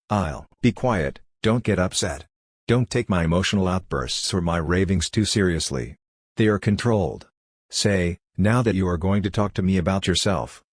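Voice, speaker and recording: A man with a low, deep voice reads a literary novel aloud as a first-person monologue. His delivery is measured and deliberate. The sound is dry and close, with no room around it. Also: no echo. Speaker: audiobook reader. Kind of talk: literary audiobook narration.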